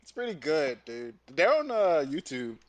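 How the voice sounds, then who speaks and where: A man streaming and chatting casually, telling rambling, profane stories in an animated way. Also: on the high side, unhurried. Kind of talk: casual chat while streaming.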